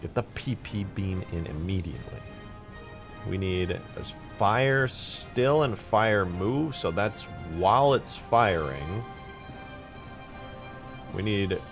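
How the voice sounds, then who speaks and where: A man's voice: sits low, slow, vocal fry, long pauses, soft background music. A young man chatting casually and playfully as he works on a game mod, reading viewer messages aloud and joking along. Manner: animated, joking, casual swearing. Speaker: game modder and streamer.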